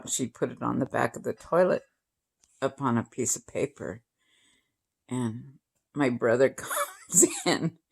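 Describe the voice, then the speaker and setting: This is a woman in her sixties with a low, gravelly voice. She talks slowly and casually to her viewers, chuckling often as she tells family anecdotes. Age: 60s. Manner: chatty, laughs often while telling family stories. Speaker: vlogger. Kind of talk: casual storytelling to camera.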